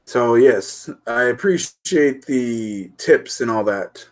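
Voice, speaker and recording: Male RC show host, mid-pitched, goofy casual stream chat, laughs easily. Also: slow. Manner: goofy, laughing, chatty with viewers.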